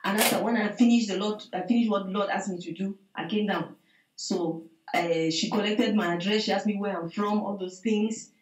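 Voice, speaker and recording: A woman giving a spoken testimony to a prayer meeting over a video call, telling her story with lively acted-out dialogue. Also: medium pitch, normal speed, reverberant, rough recording. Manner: animated storytelling, acts out dialogue, repeats "I said". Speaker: church member giving testimony.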